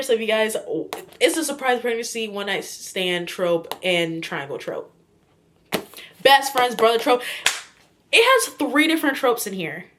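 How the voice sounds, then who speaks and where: A woman's voice: medium pitch, fairly bright tone, a little hiss or hum. A woman vlogging casually about a book she is reading. She rambles, fills her talk with "like" and "kinda", and gushes openly. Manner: chatty and gushing. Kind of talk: casual chat.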